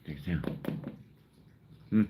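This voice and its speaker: A man's voice: slow, dull audio, a little hiss or hum. An older man hosting a casual livestream, coaxing animals and chatting with self-deprecating humor. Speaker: livestream host feeding raccoons.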